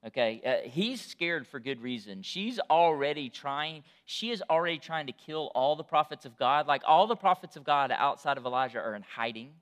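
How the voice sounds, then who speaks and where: Bright-voiced man preaching a conversational sermon. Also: on the high side, animated, moderate pace, few pauses. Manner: conversational preaching, rising to loud emphatic peaks. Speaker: pastor.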